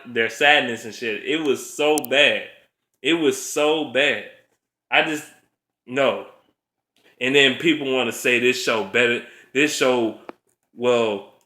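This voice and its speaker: A man's voice: mid-range voice, sharp tone. Man ranting bluntly in an echoey room. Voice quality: blunt, profane, laughs often. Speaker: vlogger. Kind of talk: profane casual rant. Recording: roomy echo.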